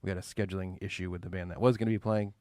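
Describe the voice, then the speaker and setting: Guy from connecticut cohosting a podcast, lowish voice, chatty and wry. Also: fairly even intonation, rapid-fire, darkish tone, no room sound, studio quality. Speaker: podcast co-host. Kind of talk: casual chat.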